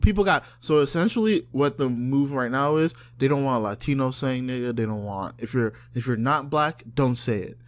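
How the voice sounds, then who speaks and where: A man's voice: medium pitch, moderate pace, hardly any pauses. A man from South Florida co-hosting a casual podcast chat, loose and profane, often mimicking people in put-on voices. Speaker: podcast co-host.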